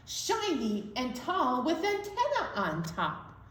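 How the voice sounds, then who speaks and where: High, lively woman reading a storytime tale. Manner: sing-song, drawn-out storytelling with playful asides. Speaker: children's storytime host. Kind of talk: reading a counting story to young children. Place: library room. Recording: echoey room.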